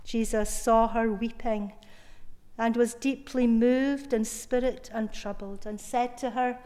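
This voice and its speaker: A woman preaches slowly and deliberately, her voice sitting high, with heartfelt weight on key words. Her sermon rings out with a long, lingering reverb, as if in a large hall. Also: fairly even intonation, dark tone. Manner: slow, measured retelling with emphatic, heartfelt stresses.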